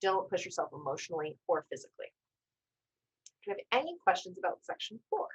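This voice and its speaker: Woman, storytelling teacher on a video call, lowish voice, gently reassuring, conversational. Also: big pitch swings, quick pace, breathy edge, rough recording. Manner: warm-hearted coaching tone, gentle reassurances, self-corrections. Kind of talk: live online class, instructive and conversational.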